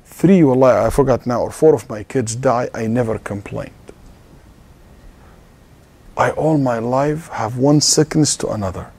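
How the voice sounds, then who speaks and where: A man's voice: medium pitch, gravelly, darkish tone, slightly rough. A man teaching a religious class in an Islamic center, telling a story conversationally and sprinkling in Arabic devotional phrases. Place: Islamic center lecture hall.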